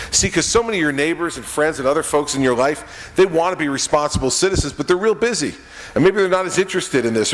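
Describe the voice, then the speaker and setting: A middle-aged man giving a conversational, joking campaign speech, speaking directly to the audience. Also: mid-range voice. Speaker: political speaker at a campaign event. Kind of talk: stump speech with storytelling. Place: event room with an audience. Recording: reverberant event hall.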